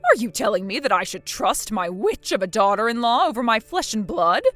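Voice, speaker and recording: A woman's voice: fairly high pitch, big pitch swings, a little fast, a bit bright, no echo, faint music behind. A woman voicing a bossy, scornful middle-aged mother-in-law in a text-message drama, harsh and scolding.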